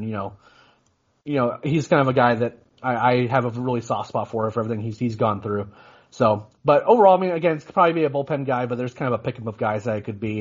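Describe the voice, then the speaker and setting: A man talks fast as he co-hosts a casual sports podcast. He rambles, restarts often and fills with "you know". His voice is husky, with a dull, lo-fi quality. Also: lowish voice. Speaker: podcast co-host.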